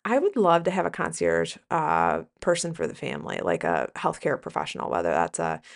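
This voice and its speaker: Chatty woman podcaster with vocal fry. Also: deep voice, huge pitch swings, brisk. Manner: rambling, chatty, with frequent fillers and self-corrections. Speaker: podcast host and business coach for nurses. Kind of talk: casual podcast monologue.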